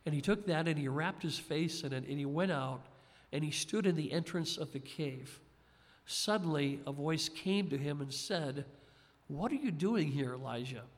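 A man's voice: fairly high pitch, normal speed. A man preaching a sermon in a conversational, folksy way, with frequent asides to his listeners. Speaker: pastor. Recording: long hall reverb.

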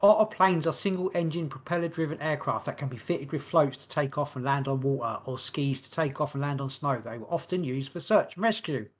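A man's voice: a little high, fairly quick, few pauses. A man co-hosting a podcast in casual chat, rambling and joking, tripping over names. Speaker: podcast co-host.

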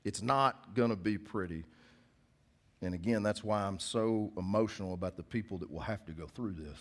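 A man's voice: lowish voice, normal speed. A man preaching a sermon in a folksy, conversational way, often putting questions to his congregation. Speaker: pastor.

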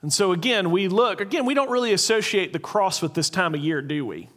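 A man with a notably high voice delivers an earnest sermon. He slows down to stress key points and repeats important lines. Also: expressive, a bit bright. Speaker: pastor.

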